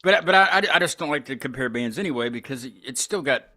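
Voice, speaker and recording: A man hosting a casual interview, rambling and halting, with many restarts. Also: mid-range voice, lively intonation, pushed and bright. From United States. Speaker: podcast host.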